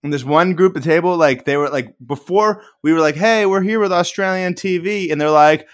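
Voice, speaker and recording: A man's voice: a little high, fairly quick, hardly any pauses. A man telling stories on a podcast, acting out the voices of the people in them. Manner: animated storyteller, acts out quotes. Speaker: podcast co-host. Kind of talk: casual chat.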